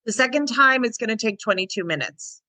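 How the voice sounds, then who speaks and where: Bright, chatty woman dog trainer. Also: on the high side, brisk, no echo. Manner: lively, chatty, acts out little voices and quotes. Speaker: dog trainer, podcast co-host. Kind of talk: casual podcast chat.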